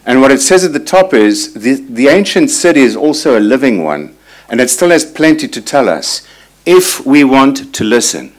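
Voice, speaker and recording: A man in his sixties speaks at a conference with a voice of ordinary pitch for a man. He tells personal stories in a reflective way and reads quotations aloud. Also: big pitch swings, moderate pace. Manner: reflective, personal storytelling with quoted readings. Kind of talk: conference talk. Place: conference hall.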